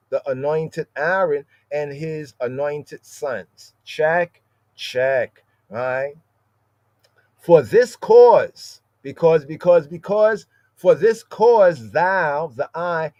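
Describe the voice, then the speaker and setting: A man teaching a scripture study podcast. He reads verses slowly, stresses the Hebrew words and keeps asking "right?". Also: fairly high pitch, darkish tone, no echo, lo-fi sound. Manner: explains word by word, repeating "right?" for the listener.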